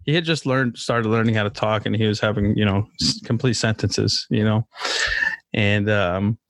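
Host type: easygoing man with a lowish voice, loose and profane, animated storyteller; dry, close sound. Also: normal speed, no echo. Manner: laid-back, swears freely, acts out quotes in storytelling. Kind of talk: casual chat.

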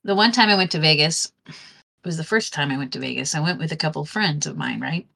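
Woman, very low voice, casual chat, rambling storyteller, restarts a lot. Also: quick pace, gravelly. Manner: rambling, animated anecdote telling with restarts.

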